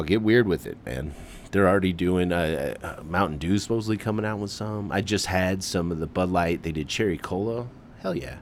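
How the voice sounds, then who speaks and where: A man's voice: sits low, slight background noise. A man from the Midwest hosting a casual solo commentary, laid-back and enthusiastic, tossing in "man" and mild swearing. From American Midwest.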